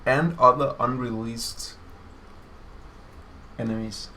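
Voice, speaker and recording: A man's voice: mid-range voice, steady tone, slow, sharp tone, slight background noise. A man hosting a developer livestream, chatting casually and teasing his co-host while showing player builds. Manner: jokey, teasing, playful. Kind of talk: casual chat over gameplay.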